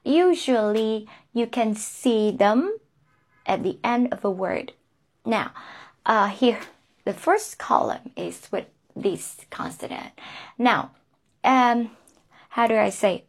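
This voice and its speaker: A woman teaching English pronunciation, saying each word slowly and twice and checking in with "huh?" and "okay?". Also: medium pitch, a little mellow. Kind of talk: slow, deliberate pronunciation lesson.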